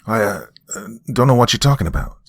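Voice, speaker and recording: Scoffy flustered dad, as a narrator puts him on, stammers, dry close voice. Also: male voice, on the low side, lively intonation, fast, no echo, voice pushed up. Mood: scoffing. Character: dismissive, defensive middle-aged father.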